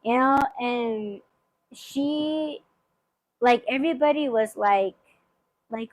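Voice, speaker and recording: A woman's voice: high voice, slow, a little mellow, no room sound, low-quality recording. A woman hosting a podcast, telling a story in casual chat, swearing freely and rambling with lots of fillers. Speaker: podcast host.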